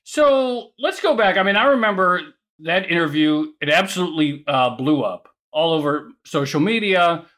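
A man's voice: a little high, animated, moderate pace, few pauses, a bit bright. A man co-hosting an interview, chatty, asking questions with restarts. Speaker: co-host.

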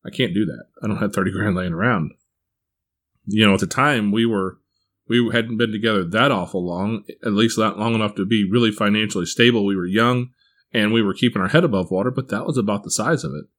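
A man with a slightly low voice talks through his family's path to adoption in a plain, steady, conversational way. He is from Missouri and speaks like someone recalling things aloud. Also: fast. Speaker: adoptive parent sharing his story. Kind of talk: casual personal storytelling.

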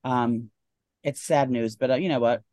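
A man's voice: medium pitch, a little mellow. A man co-hosting a podcast, telling gossipy stories in a casual chat. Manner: rapid-fire gossipy storytelling. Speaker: podcast co-host.

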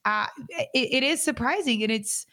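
Woman podcast host, fairly high voice, supportive, asks follow-ups. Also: moderate pace, bright, forceful tone. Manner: supportive listener, frequent short agreements. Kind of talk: conversational interview.

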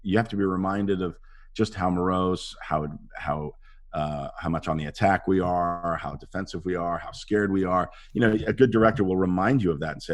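A middle-aged man, an actor guest in a casual interview, telling animated stories and acting out quotes from a film set. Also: low-pitched, quick pace. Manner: animated anecdotes with acted-out quotes.

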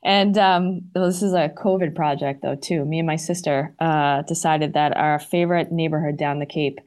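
Boston lady guest on a podcast, animated chatty talk, lots of likes and ums. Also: deep voice, moderate pace. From Boston, USA. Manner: chatty and animated, many fillers. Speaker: guest, arena marketing director. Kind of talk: casual podcast chat.

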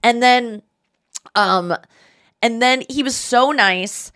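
A woman podcast host and comedian telling a casual story in an animated, giggly way, full of fillers. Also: a little high, slow pace, clean tone.

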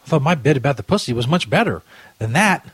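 A man's voice: mid-range voice, lively intonation, quick pace, fairly bright tone, breathy edge, dry recording. A man hosting a podcast in a casual, rambling, crude style, often laughing at his own jokes. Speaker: podcast host. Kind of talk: casual commentary chat.

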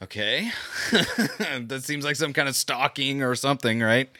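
A man's voice: mid-range voice, steady tone, normal speed, pushed and bright, dry recording, clean studio sound. A man co-hosting a casual chat, laughing and reacting briefly.

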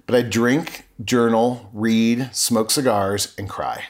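Middle-aged guy on a podcast, earnest and emotional, keeps restarting sentences, normal pitch. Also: fairly even intonation, slow pace. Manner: earnest and emotional, with frequent self-corrections. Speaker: podcast guest. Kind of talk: candid personal storytelling.

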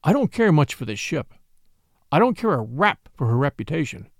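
A man voicing a grave, matter-of-fact male ship's doctor who speaks quietly and earnestly. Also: on the high side, very animated, moderate pace, creaky, no room sound, clean studio sound.

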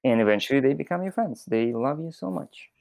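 A man's voice: medium pitch, animated, brisk, vocal fry, a little mellow, dry recording. A young man with a Russian accent and Russian as his first language, talking earnestly and emphatically with many "you know" fillers as an interview guest. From Russian-speaking country. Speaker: interview guest, former waiter. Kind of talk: candid conversational interview.

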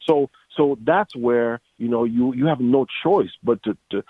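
A man's voice: mid-range voice, a little slow, slightly rough, dry recording. A man in a casual interview, telling stories animatedly and acting out quotes, with many restarts. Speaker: voice actor guest. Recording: dry tinny phone-like line.

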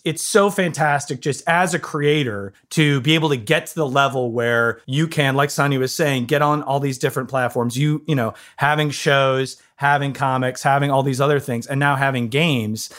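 A man's voice: on the high side, moderate pace, hardly any pauses, fairly bright tone. A man interviewing a guest, asking questions in an enthusiastic, chatty way. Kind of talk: casual interview talk.

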